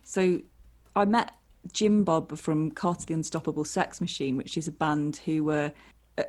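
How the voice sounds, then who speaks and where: Woman, comedian guest, animated storyteller, slightly low voice, video call. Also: moderate pace. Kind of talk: casual anecdote telling.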